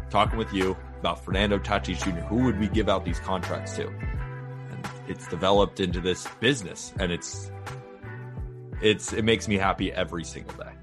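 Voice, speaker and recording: A man in his twenties co-hosting a podcast, talking in an eager, heartfelt way. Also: low voice. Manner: enthusiastic, heartfelt. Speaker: podcast co-host. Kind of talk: casual chat.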